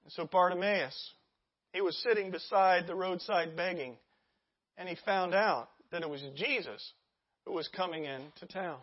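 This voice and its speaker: A pastor preaching a sermon in a lively, conversational way, asking the congregation questions and acting out scenes. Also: mid-range voice, normal speed, highs cut off. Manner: animated, conversational, acts out scenes.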